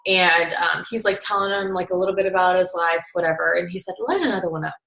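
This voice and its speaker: A woman's voice: on the low side, little pitch movement, a little fast, creaky, a bit bright. Chatty young woman, roomy echo. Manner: chatty, full of "like" fillers. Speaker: guest recapping a seminar. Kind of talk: casual storytelling.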